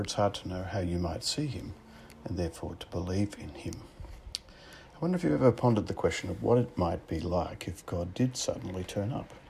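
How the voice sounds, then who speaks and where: A man with an Australian accent preaching a sermon in a measured, reflective way, asking rhetorical questions. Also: low-pitched, gravelly, darkish tone, slight background noise.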